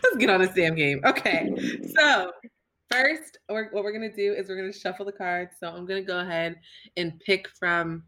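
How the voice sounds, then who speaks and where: A woman's voice: medium pitch, moderate pace, sharp tone. A woman reading game cards aloud and chatting frankly and supportively with her friends. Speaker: game reader. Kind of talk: casual chat.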